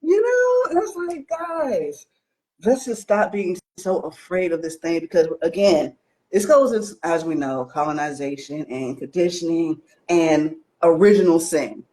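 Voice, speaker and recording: A woman's voice: fairly low pitch, expressive, unhurried, dark tone. A woman talking in a bold, slangy, emphatic way in a casual spiritual chat.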